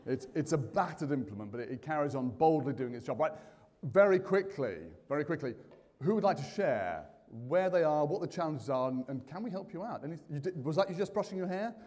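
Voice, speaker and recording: A man's voice: on the high side, brisk. A man hosting a live conference, chatty and jokey, putting questions to the audience. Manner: lively, jokey, quizzing the audience. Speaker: conference host. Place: large conference hall. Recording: reverberant hall.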